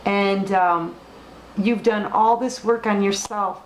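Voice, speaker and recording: A woman's voice: medium pitch, fairly even intonation, slow. A woman giving a late-night tarot reading, emphatic, repeating words and trailing off with fillers. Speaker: tarot reader. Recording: echoey room with faint background noise.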